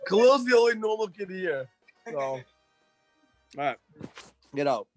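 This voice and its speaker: A man's voice: high voice, big pitch swings, a little slow, darkish tone, soft background music. A man co-hosting a casual movie podcast, blunt and joking, with frequent swearing. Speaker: podcast co-host.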